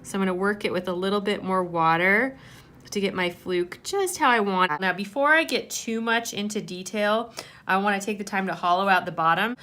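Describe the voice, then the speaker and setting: A woman's voice: mid-range voice, a little fast, pushed and bright. A woman giving a hands-on clay tutorial, explaining each step patiently. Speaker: clay art teacher.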